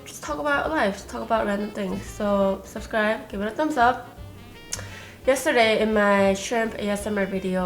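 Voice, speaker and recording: A young woman who is a little sick, chatting casually to camera as a food vlogger and rambling with fillers and restarts. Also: mid-range voice. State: slightly sick. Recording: faint static and soft music.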